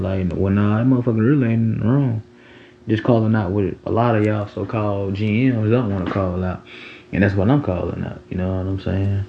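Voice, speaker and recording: A man's voice: deep voice, creaky, muffled recording, a little hiss or hum. A man in his twenties talking in a loose, rambling monologue full of slang and "you know what I'm saying.". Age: 20s. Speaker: podcast host. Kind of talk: casual monologue.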